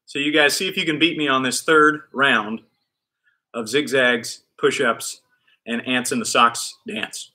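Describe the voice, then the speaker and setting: A man's voice: medium pitch, a little slow. A man leading a live online kids' PE class, cheering kids on and counting reps with playful energy. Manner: shouts with excitement during exercises. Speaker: kids PE coach.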